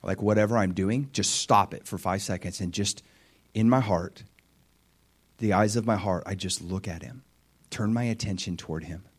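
Animated male preacher, dropping to whispers. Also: lowish voice, normal speed, husky. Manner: animated, acts out prayers and Jesus' replies, drops to whispers. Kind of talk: sermon.

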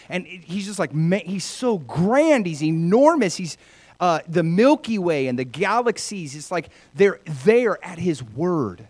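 Guy preaching a sermon, casual and chatty, voice jumps all over, goes big then real quiet. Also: high voice, unhurried. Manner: animated, conversational preaching that swings between loud and hushed. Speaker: pastor.

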